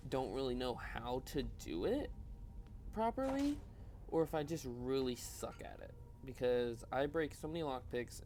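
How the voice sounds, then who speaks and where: With a mid-range, slightly mellow voice and slight background noise, a gaming channel host offers a casual, rambling commentary on his gameplay. He sounds tired, yawns, and teases himself about his choices while chatting away.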